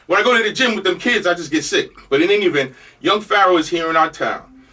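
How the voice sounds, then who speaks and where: In a radio studio, a senior talk-radio host with a New York Jamaican accent rattles along fast in a high, bright voice with lively intonation and a breathy edge. He has a cold and rambles loosely with jokes, recorded from a distance, a bit away from the mic.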